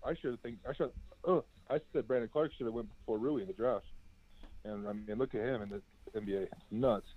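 A young former college basketball player, a guest, answers casual interview questions in a low, fairly quick voice. He's easygoing and laid-back, telling stories chattily with many fillers, heard over a dry, tinny phone-like line.

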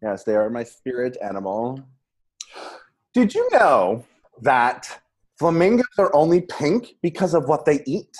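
A woman's voice: rumbling low, sing-song, a little slow, a little mellow. A woman co-hosting a podcast in casual chat, bubbly and giggly, rambling between stories. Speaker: podcast co-host.

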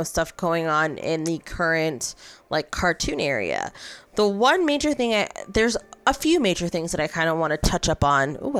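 A chatty woman in her thirties, talking loosely and circling back on herself as she hosts. Her voice sits fairly low and sounds smooth and clear. Faint music plays underneath. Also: a bit bright. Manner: rambling, chatty, lots of fillers and restarts. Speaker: podcast host. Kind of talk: casual chat.

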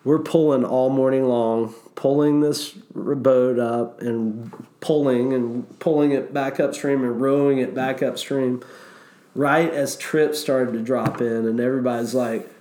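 In an unhurried, mid-range voice, a man casually recounts his days as a river guide. He's animated, swearing freely and acting out the quotes as he goes.

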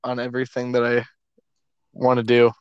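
Man, podcast co-host, smooth monotone voice, dry lo-fi mic; laid-back. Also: mid-range voice, fast talker, no echo. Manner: short laid-back replies. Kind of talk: casual chat.

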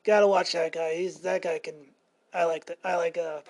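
A woman's voice: on the low side, steady tone, moderate pace, a little mellow. A woman from Montana co-hosting a casual podcast, rambling and joking crudely with plenty of swearing. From Montana, USA. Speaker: podcast co-host.

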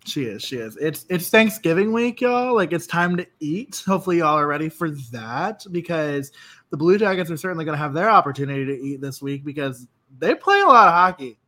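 A woman from Northeast Ohio co-hosting a podcast from her home desk, chatting casually with lots of fillers and sudden jumps in pitch. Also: animated, a little fast, bright, forceful tone. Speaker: podcast co-host. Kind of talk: casual chat.

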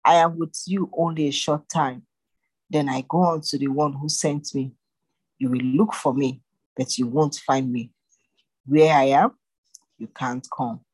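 A reader voicing Jesus, a calm male teacher, in a measured, solemn way with a dry, slightly husky voice. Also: mid-range voice, no room sound, poor audio.

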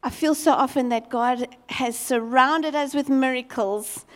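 A woman preaching a sermon as a lively, expressive storyteller. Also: high-pitched, measured pace, long reverb tail.

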